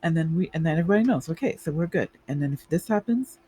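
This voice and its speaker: A man's voice: fairly high pitch, animated, fast talker, dark tone, husky, low-quality recording. A man playing a judge in a roleplay, talking bluntly and firmly about how people should behave in court. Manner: blunt and firm, lays down rules. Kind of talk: in-character roleplay conversation.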